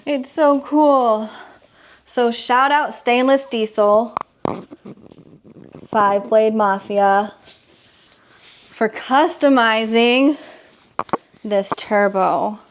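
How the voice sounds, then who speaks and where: Excitable woman gushing slowly, high voice. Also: slight background noise. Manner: excitable, gushing, nervous exclamations. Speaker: vlogger. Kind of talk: casual unboxing vlog talk.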